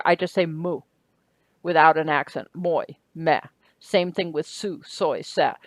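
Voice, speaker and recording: A woman teaches grammar in a recorded lecture, her voice at an ordinary middle pitch. She walks through each point patiently, checks in with a quick "right?" and fixes her own slips as she goes. The sound is dry and close, with no room around it. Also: dry recording. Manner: explanatory, with self-corrections and frequent "right?".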